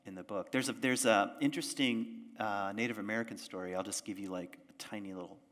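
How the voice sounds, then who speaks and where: A man's voice: fairly low pitch, fast, fairly bright tone. A male pastor giving a conversational sermon to a church audience, often asking them questions. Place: church sanctuary. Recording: long church reverb.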